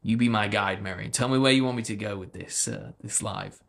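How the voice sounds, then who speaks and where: A man's voice: on the low side, a little fast, vocal fry, fairly bright tone. A man, a speech coach, chatting casually on a livestream and answering viewers. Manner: chatty, loose, fillers, answers viewer comments.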